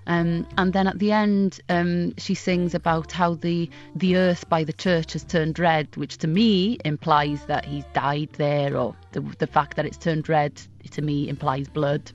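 A woman's voice: on the low side, fairly even intonation, unhurried, few pauses, muffled recording, soft background music. A Welsh woman, a singer, chatting good-humouredly as a radio guest from a remote studio, with fillers and restarts. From Wales. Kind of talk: radio interview chat.

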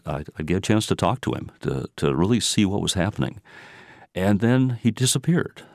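A man's voice: a bass voice, dry recording, clean studio sound. A man in his sixties telling his own story, hesitant, often restarting and repeating words. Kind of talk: personal storytelling.

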